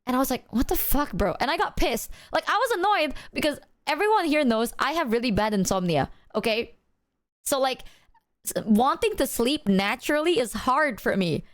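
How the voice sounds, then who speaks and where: Animated swearing streamer woman. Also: high voice, moderate pace, no echo, clean studio sound. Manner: animated, swearing, acts out quoted voices. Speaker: livestreamer. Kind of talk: casual storytelling to chat.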